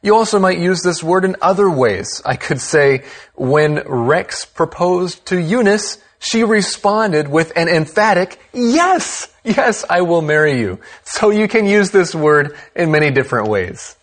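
A man's voice: sits high, animated, a little slow. A man co-hosting an English lesson, explaining phrases in an upbeat, plain-spoken way. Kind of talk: scripted language lesson chat.

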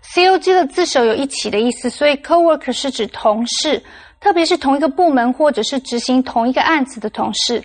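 This woman teaches English vocabulary on a lesson program. Her voice sits high. Her delivery is clear and instructive, and she walks through examples at a steady pace. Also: a little fast.

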